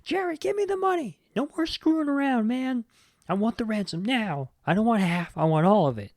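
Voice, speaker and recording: A man voicing a jittery, loudmouthed male crook who yelps and swears in a high-strung way. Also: animated, fairly quick, dry recording, clean studio sound. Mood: demanding.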